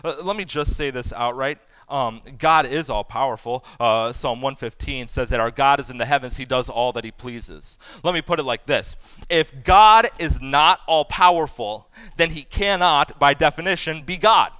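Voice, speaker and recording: A man in his thirties preaching a sermon as pastor, animated and self-deprecating, loudly acting out the voices he quotes. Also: medium pitch, moderate pace, clean tone, no echo.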